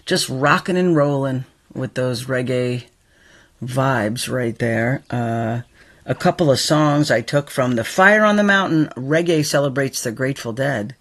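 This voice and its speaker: A man's voice: medium pitch, measured pace. Laid-back male radio DJ. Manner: laid-back, warm sign-off talk with fillers. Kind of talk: casual radio show hosting.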